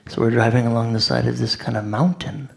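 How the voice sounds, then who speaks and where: A man with a gravelly, creaky voice tells a story in a loose, conversational way. He is animated, acting out what others said with filler words in between. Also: mid-range voice, quick pace. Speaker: devotee speaker. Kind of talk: anecdotal storytelling talk.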